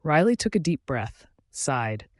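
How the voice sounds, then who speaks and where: A man reading a romance audiobook in the first person, soft and even. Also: fairly high pitch, a little slow, no echo, clean studio sound. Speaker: audiobook narrator. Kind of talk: scripted narration.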